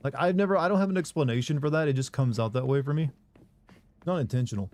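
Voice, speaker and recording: A man from Michigan talks his way through a horror game in casual let's-play commentary. His voice is mellow and relaxed, and it sits at a plain middle pitch. He rambles from topic to topic and breaks off to answer his viewers. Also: fast. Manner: rambling, chats with viewers between gameplay. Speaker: gaming streamer.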